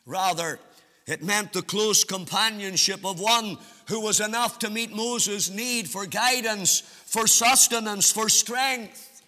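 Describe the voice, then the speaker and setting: A man preaching a sermon in a measured, emphatic way, with sing-song rises and drawn-out phrases. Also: high-pitched, pushed and bright, big-room sound.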